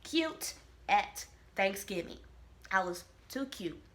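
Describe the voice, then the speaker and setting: A woman from Kansas City, telling a personal story to camera in a lively, expressive way. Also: medium pitch, takes it slowly. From Kansas City, Missouri. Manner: animated, expressive storytelling with quoted voices. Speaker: vlogger. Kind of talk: casual storytelling.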